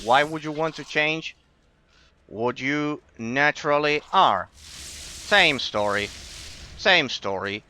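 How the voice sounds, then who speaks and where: Guy streaming, bright forceful voice, keeps repeating himself and tripping over words. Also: fairly high pitch, slight background noise. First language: Spanish. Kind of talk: casual stream chat with viewers.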